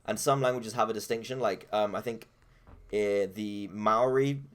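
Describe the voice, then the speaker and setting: A man's voice: lowish voice, steady tone, moderate pace. A man co-hosting a podcast, explaining things in a hesitant, hedging way with many fillers. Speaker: podcast co-host. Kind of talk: casual chat.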